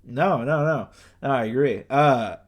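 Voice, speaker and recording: A young man on a casual podcast, rambling through a gossip story with plenty of "like" and "uh" and little acted-out bits of dialogue. His pitch sits squarely in the middle, an ordinary everyday voice. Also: a little slow. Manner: rambling, full of fillers and acted-out quotes. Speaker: podcast co-host. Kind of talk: casual chat, retelling celebrity gossip.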